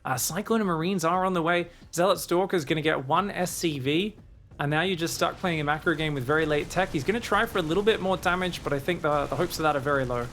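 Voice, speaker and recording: A man casting a live esports match, giving energetic play-by-play and often adding "right?" to his points. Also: a little high, slight background noise. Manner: energetic, rapid, with tag questions. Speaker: esports caster.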